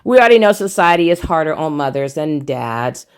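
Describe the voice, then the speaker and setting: A woman's voice: low-pitched, very animated, a little fast, clean tone. A young woman giving casual, emphatic commentary as a vlogger, repeating herself for emphasis and talking straight to her viewers.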